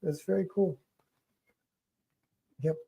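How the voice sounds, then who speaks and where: Mellow man rambling in casual chat. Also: high voice, fairly even intonation, slow, vocal fry, breathy edge. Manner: rambling, full of "like" and restarts. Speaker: livestream co-host.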